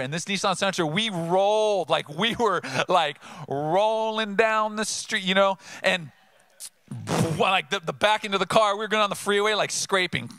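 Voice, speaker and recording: A man from Southern California preaching an energetic, conversational sermon full of rhetorical questions. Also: high voice, no echo. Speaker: pastor.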